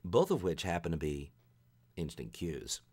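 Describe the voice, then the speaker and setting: Animated male gaming commentator. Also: deep voice, measured pace. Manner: animated, storytelling rant. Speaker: gaming video creator. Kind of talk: opinionated commentary.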